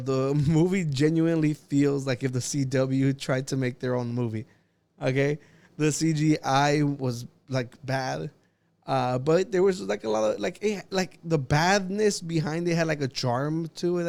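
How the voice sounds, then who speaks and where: Rambling through a relaxed podcast chat, a young male co-host speaks in a slightly high, creaky, somewhat mellow voice. Fillers and laughter pepper his talk.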